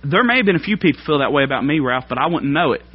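A man preaching a sermon, folksy and plain-spoken, climbing to loud emphatic peaks. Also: fairly high pitch, expressive, racing, husky. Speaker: pastor. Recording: dull lo-fi sermon recording.

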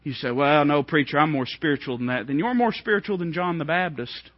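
A man preaching a sermon, swinging from hushed, low lines to ringing, high outbursts. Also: brisk, no room sound, highs cut off.

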